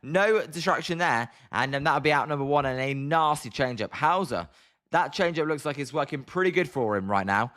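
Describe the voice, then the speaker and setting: Bright-voiced British man calling baseball. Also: animated, moderate pace. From Britain. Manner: chatty, greets viewers by name between pitches. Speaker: live-stream baseball commentator. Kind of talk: casual live play-by-play and chat reading.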